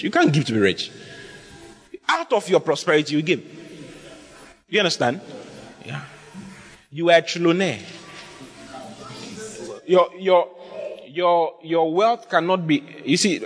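A man preaching a sermon as pastor, in an animated, repetitive style full of rhetorical questions. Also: a little high, slightly rough.

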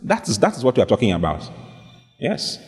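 Animated preacher man in echoey hall. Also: mid-range voice, brisk. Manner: storytelling, acting out both sides of conversations. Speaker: pastor. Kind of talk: sermon.

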